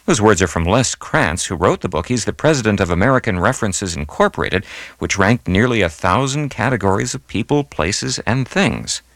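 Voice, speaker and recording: A man hosting a classical radio broadcast, reading scripted announcements in a measured, announcer-like way. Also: fairly low pitch, animated, fairly bright tone, no echo. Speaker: radio host.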